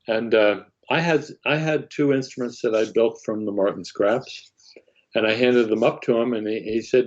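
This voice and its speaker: An older man, a guest in an interview, telling a long anecdote in a halting way, full of fillers and restarts. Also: medium pitch. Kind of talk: anecdotal storytelling. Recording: muffled lo-fi audio.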